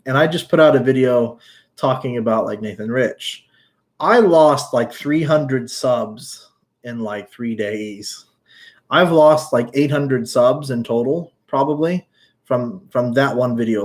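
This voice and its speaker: A man's voice: mid-range voice, a little slow. A man from the United States, talking casually on a livestream and answering chat with blunt, outspoken remarks and casual swearing. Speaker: YouTuber answering live chat.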